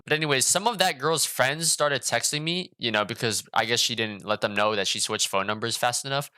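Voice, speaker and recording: A man tells a casual storytime on his vlog in a slangy, animated delivery that is full of swearing and asides. His voice is bright and forward, and he sits right on the mic in a dry, close sound. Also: medium pitch, fairly quick, hardly any pauses, clean tone, no echo. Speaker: vlogger.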